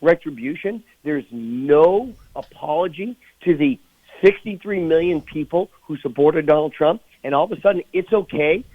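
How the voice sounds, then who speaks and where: A man's voice: on the high side, lively intonation, normal speed, no room sound, narrow, tinny audio. A man speaking as a guest on a radio talk show, indignant and emphatic. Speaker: political guest. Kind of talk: phone-in radio interview.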